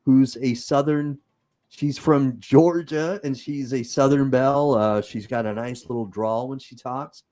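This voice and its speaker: A man's voice: medium pitch, fairly even intonation, measured pace, mellow. A man with a Utah accent hosting a livestream, chatting casually and improvising as he reads comments. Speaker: host.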